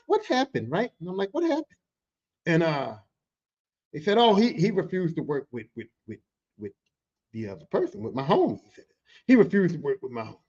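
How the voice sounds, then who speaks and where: High-voiced profane storytelling man. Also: muffled recording. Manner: profane, animated, jumps into quoted voices. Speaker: podcast host telling work stories. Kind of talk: casual storytelling.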